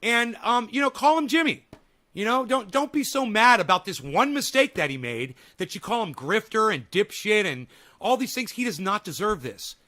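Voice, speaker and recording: Guy with a high bright voice doing a sarcastic reaction stream, yells a lot. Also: very animated, moderate pace. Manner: sarcastic, swings into yelling rants. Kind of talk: casual reaction commentary.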